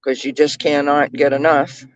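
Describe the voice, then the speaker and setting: A woman's voice: deep voice, little pitch movement, normal speed, no room sound, dull audio. A woman chatting casually from the passenger seat of a moving car, keeping up a running commentary full of fillers. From Canada. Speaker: vlogger, tarot reader. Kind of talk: casual chat while riding in a car.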